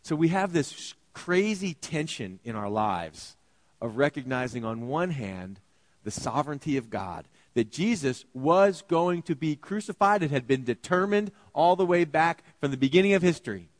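A male pastor delivering an animated sermon, acting out biblical characters in shifting voices. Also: fairly high pitch, moderate pace, no echo.

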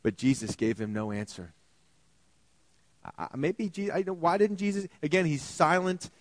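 Guy preaching a sermon, acts out the people in the story, loud then soft, dry close mic. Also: normal speed, no echo. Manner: animated, acts out biblical characters with shifting pitch and volume. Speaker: pastor.

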